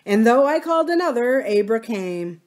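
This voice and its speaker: A man's voice: very high voice, animated, normal speed. A woman voicing a pompous middle-aged male county supervisor, talking down in a sing-song way.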